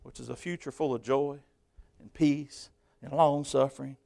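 A man preaching from a church pulpit, swinging between loud, high-pitched emphasis and quieter conversational asides. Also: steady tone, normal speed, creaky, no echo. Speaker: pastor. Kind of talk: sermon.

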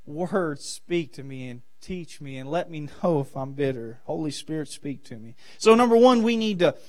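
A man preaching a sermon in church, building emphasis and then dropping to quiet, earnest asides. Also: fairly high pitch, expressive, normal speed. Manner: preaching with rising and falling emphasis.

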